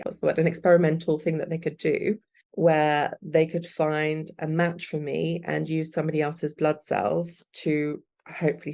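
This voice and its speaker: Low, gravelly-voiced woman telling her story. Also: a little mellow. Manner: earnest, candid. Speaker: guest. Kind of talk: personal storytelling.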